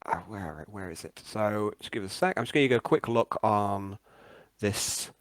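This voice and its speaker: A man's voice: lowish voice, animated, normal speed, no echo. A man, running a tabletop game as game master and narrating with hesitant starts. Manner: hesitant, many ums and restarts.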